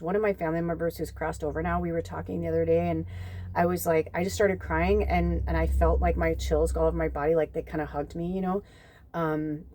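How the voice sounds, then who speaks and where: In a mellow, low voice captured with a dry, close sound, a young psychic medium shares a personal story while doing a casual tarot reading for viewers. She's tearful and close to crying, swears freely and voices other people's words with animation.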